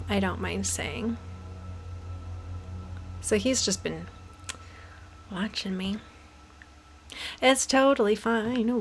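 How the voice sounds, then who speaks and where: A woman's voice: mid-range voice, a bit bright. A young woman giving nervous commentary while playing a horror game, often dropping to a whisper. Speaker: let's play gamer.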